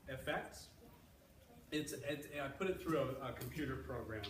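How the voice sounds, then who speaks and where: In a school library, a male electrical engineer explains things to schoolchildren as a guest, easygoing and patient, restarting and using fillers frequently. He has a medium pitch and normal pace, and the echoey, far-off recording has a faint hiss or hum.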